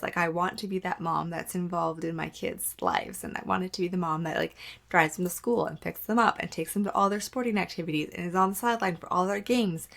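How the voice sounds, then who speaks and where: A woman hosts her own podcast, delivering a casual solo monologue that's candid and conversational. She uses "like" a lot and acts out things she once said. Her voice is on the low side with vocal fry, fairly even intonation and a fairly quick pace.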